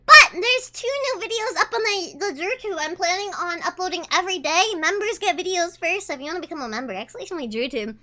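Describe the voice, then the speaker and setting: A woman's voice: extremely high pitch, animated, fast, hardly any pauses, background noise. A woman streamer chatting casually with her chat, reading messages aloud and talking while she eats. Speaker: livestreamer.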